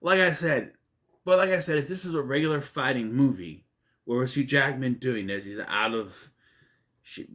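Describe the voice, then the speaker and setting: A man's voice: medium pitch, normal speed, fairly bright tone. A man casually reviewing a movie, rambling and conversational with many fillers and restarts. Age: adult.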